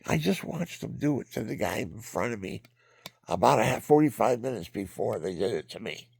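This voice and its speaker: An older man telling a rambling personal story, often dropping into hushed whispers and repeating himself. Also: on the low side, expressive, brisk, no echo, studio quality. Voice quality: gravelly. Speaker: vlogger.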